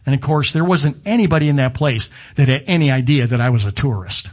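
A man's voice: mid-range voice, fast talker, highs cut off. A middle-aged man preaching a sermon in a conversational way, with asides and self-corrections. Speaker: pastor. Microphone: camera video with slides behind him.

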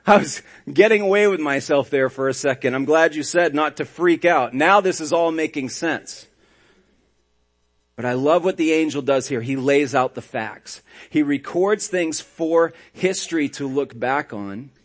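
Male pastor, fairly high voice, animated sermon storyteller with dry sarcastic asides. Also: unhurried. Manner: animated storytelling, swinging between hushed and loud.

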